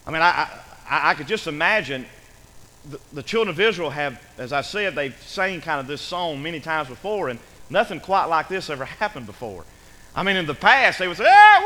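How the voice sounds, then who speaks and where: Animated folksy preacher in a reverberant hall. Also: male voice, fairly high pitch. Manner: folksy, animated, with frequent amens and asides. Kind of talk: sermon.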